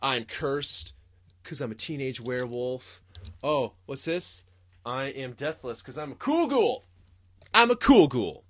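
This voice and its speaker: A man hosting a podcast, ranting in a profane, rambling way and jumping suddenly into loud, high-pitched outbursts. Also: lively intonation, a little slow, no echo. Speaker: podcast host. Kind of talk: livestreamed comedic rant.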